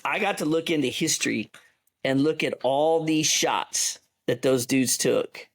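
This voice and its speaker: A middle-aged man, an army veteran telling a story as a podcast guest in an animated, profane way. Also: on the high side, a little slow. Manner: animated, profane yarn-spinner. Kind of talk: casual storytelling.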